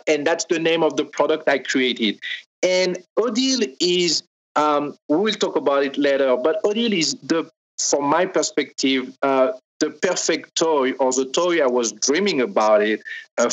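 A man with a strong French accent speaks in a fairly high register for a man. He explains things step by step over a remote call and hesitates often between phrases. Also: poor audio. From France. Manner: careful, explaining step by step with many pauses. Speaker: guest, sex toy maker. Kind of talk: interview explanation.

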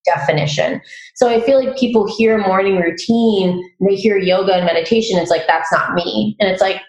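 A woman hosting a casual conversation, chatty and quick to laugh, telling stories with animation. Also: medium pitch, darkish tone. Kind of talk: casual chat. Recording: echoey room.

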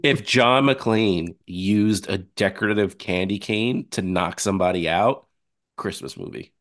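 Low-pitched easygoing man, laughing podcast host. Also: unhurried, a bit bright, no room sound. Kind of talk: casual movie chat.

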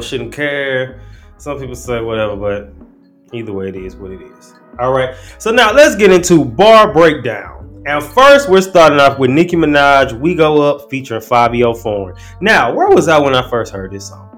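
A man's voice: medium pitch, very animated, normal speed, a bit bright, soft background music. A man hosting a casual commentary show, talking in a laid-back, slangy way and often restarting his sentences. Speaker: host. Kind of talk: casual commentary breaking down rap lyrics.

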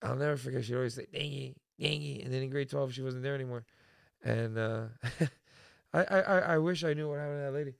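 Gravelly Canadian man telling stories. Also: medium pitch, quick pace, no room sound, clean studio sound. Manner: storytelling, animated, swears freely. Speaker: podcast co-host. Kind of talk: casual podcast chat.

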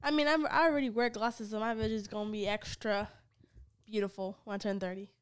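A woman in her twenties co-hosting a podcast, chatting casually with lots of laughter and animated storytelling. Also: medium pitch, a little fast, smooth. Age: 20s. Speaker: podcast co-host. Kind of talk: casual chat.

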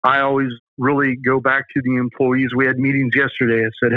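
A Southern US-accented safety company owner, interviewed as a guest, tells folksy and emphatic stories in a mid-range voice with a completely flat delivery. He talks a little fast with hardly any pauses, on a tinny, phone-like line with no echo.

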